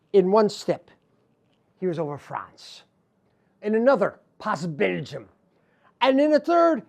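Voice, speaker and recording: Animated Irish storyteller spinning a folktale. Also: male voice, very high-pitched. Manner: lilting, animated, repeats phrases.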